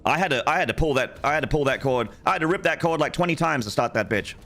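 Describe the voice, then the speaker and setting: A man in his forties chatting casually with his chat room while streaming a game, joking crudely and shouting out in excitement. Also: a little high, quick pace. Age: 40s.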